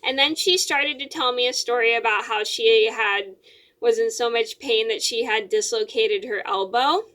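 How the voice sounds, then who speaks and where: A woman's voice: fairly high pitch, normal speed, a bit bright. A young adult woman vlogger telling a personal story in a casual, rambling way, with lots of fillers and repeated words.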